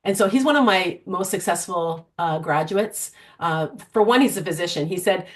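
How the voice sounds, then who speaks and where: Middle-aged woman coach, animated storyteller. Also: on the low side, normal speed, few pauses. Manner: animated, storytelling, frequent restarts. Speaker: guest, vision board coach. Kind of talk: conversational interview.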